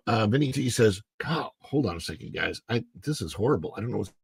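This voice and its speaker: A man hosting a casual livestream, chatting and reading viewer comments while his voice is hoarse from the morning and he keeps clearing his throat. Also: lowish voice, sing-song, fairly quick, dry recording. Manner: rambling, chatty, greets viewers by name. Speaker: livestream host.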